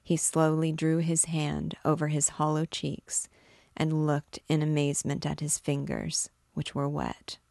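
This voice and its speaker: A woman reading a classic novel aloud in a measured, unhurried way. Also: deep voice, completely flat delivery, gravelly, warm tone, no room sound, studio quality. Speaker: book discussion host reading aloud.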